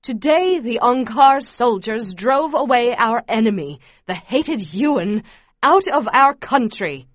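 A zealous female camp leader, put on by a woman reader, booming out slogans in a loud, slow, fervent cadence. Her voice sits a little high and lands dry and close. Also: animated, dry recording.

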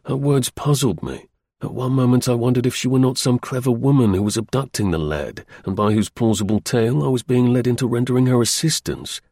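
A male audiobook narrator reading an old-fashioned tale in a measured, formal way. His mid-pitched voice is gravelly and a little husky. The recording is dry and close. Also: dark tone, no echo. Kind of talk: scripted narration of a period novel.

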